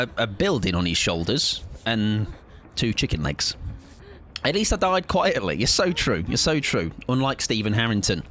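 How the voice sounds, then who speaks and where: A man's voice: mid-range voice, very animated, normal speed, a bit bright. A young man chatting playfully and joking as he streams a game. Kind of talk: casual live-stream gaming chat.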